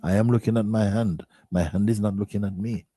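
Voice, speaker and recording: A middle-aged man, a spiritual teacher, speaking slowly to listeners, repeating and questioning, often dropping to a soft near-whisper. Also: on the low side, steady tone, slightly rough.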